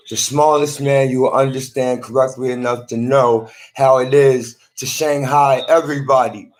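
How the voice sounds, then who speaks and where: A man talking to a phone in a rambling monologue, often repeating and restarting his words. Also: mid-range voice.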